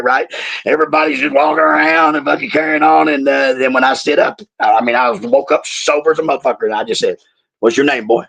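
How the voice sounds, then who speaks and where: A man's voice: fairly high pitch, a bit bright, poor audio. A man in his sixties telling profane, comic wrestling stories in a Southern-tinged Australian accent, laughing at his own jokes and playing mock-aggrieved. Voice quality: gravelly, husky. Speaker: wrestling podcast guest telling road stories. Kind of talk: profane comedic storytelling.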